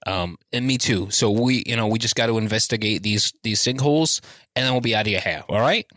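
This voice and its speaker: A man's voice: on the low side, brisk, a bit bright, no room sound, clean studio sound, natural voice. A man voicing an irritable, blustering male inspector, with a put-on Australian accent that slips into British, rambling and stalling with fillers. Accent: put-on Australian slipping into British.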